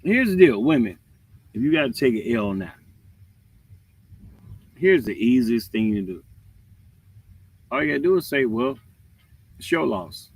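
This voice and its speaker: A man's voice: medium pitch, normal speed, long pauses, breathy edge. A man hosting a livestream, giving a casual, preachy rant with jokes. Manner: animated, preachy, joking. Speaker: livestream host.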